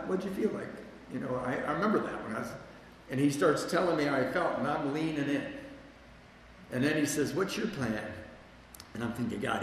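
Telling his own recovery story to a group gathered in a meeting room, a man speaks candidly and pokes fun at himself along the way. He has a medium-pitched voice, and there's a little hiss or hum. The recording is echoey, with long hall reverb.

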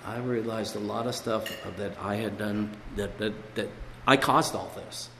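A man's voice: fairly low pitch, fairly even intonation, unhurried, fairly bright tone, slight background noise. A man giving a personal recovery testimony at a meeting, a rambling storyteller who leans on "you know". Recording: echoey hall with long reverb.

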